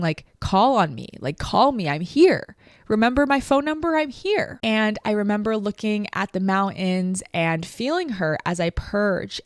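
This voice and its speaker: A woman's voice: on the low side, smooth, no room sound, studio quality. A woman hosting a podcast, telling a personal story in an emotional, reflective way with lots of "like". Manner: emotional, reflective, heavy use of "like". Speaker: podcast host.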